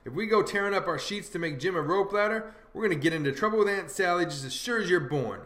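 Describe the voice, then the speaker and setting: A man's voice: sits high, expressive, fast talker, fairly bright tone. A man voicing a plain-spoken, skeptical teenage boy who talks in practical folksy dialect, in an audiobook reading. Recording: roomy echo.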